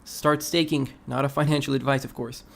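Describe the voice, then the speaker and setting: A man of ordinary middle pitch hosts a live crypto stream. He talks through charts in a relaxed, conversational way and stops now and then to read viewer messages aloud. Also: fairly quick, vocal fry. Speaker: crypto livestream host. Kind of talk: casual livestream chart analysis.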